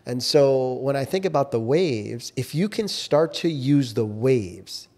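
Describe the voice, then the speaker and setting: A man's voice: medium pitch, lively intonation, unhurried, a little mellow. A man co-hosting a casual conversation, explaining his ideas in an earnest, coaching way. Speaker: podcast co-host.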